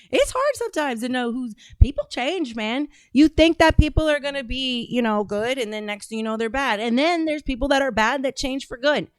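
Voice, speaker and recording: A woman's voice: a little high, smooth, no echo, studio quality. A woman hosting a reaction video, talking casually in a blunt, rambling, profane way.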